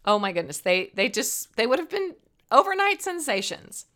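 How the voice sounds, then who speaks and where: A woman's voice: fairly high pitch, sing-song, normal speed, a bit bright. A woman telling a Bible story as a lesson in a playful, dramatic way. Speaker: Bible teacher.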